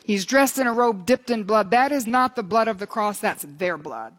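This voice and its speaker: A woman's voice: mid-range voice, lively intonation, moderate pace. An older woman preaching a sermon with earnest fervor, her voice climbing when she reads scripture aloud. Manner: earnest, fervent, rises for scripture readings.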